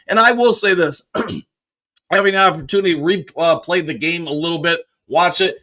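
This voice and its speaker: A man's voice: sits high, pushed and bright. A man hosting a casual live stream, greeting chatters by name and reading their comments aloud. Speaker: host reading viewer comments.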